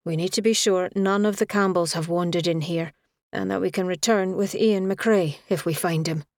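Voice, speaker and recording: A woman voicing a proud young woman healer, speaking in a raised, sharp and defiant way. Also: fairly low pitch, fairly even intonation, moderate pace, dry recording, clean studio sound, close to an everyday voice. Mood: earnest.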